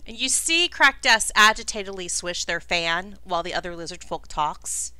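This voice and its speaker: A woman's voice: lowish voice, creaky, pushed and bright, no echo. A woman narrating a tabletop game as game master in a chatty way, with many fillers.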